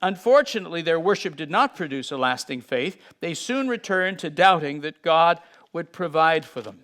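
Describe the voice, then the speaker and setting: A middle-aged man teaching from the Bible, reading aloud and breaking off to explain, with sudden shifts in loudness. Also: on the high side, moderate pace. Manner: animated, acts out scenes with sudden shifts in loudness.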